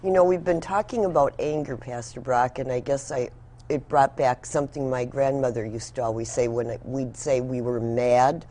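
A woman co-hosting a Bible program, introducing the segment and asking the pastor questions in a gentle, conversational way. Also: a bass voice, normal speed. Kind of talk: scripted introduction and interview questions.

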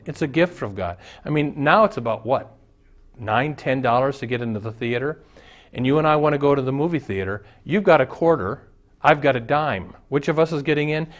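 A man preaching a sermon as a pastor, telling stories and jokes and acting out the voices in them. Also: medium pitch.

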